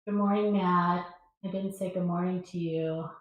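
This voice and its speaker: A woman on a livestream panel over a video call, reacting with quick exclamations and questions. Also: lowish voice, steady tone. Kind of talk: casual livestream chat. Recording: very echoey room.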